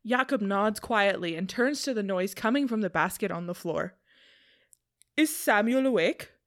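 A woman on a podcast reading aloud a story she wrote, brisk and amused. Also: mid-range voice. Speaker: podcast co-host reading her own story. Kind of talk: casual read-aloud.

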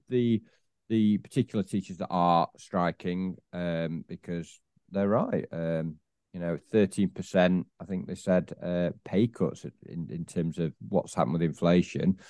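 A man's voice: sits low, measured pace, no echo, clean studio sound. A man co-hosting a casual football podcast, stumbling over his words and repeating himself, with bursts of teasing. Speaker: podcast co-host.

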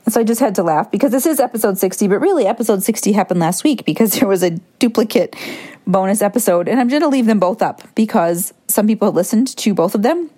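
A woman hosting a reflective solo podcast, talking in a gentle, musing way and wandering into asides. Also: mid-range voice, lively intonation, fast. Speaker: podcast host.

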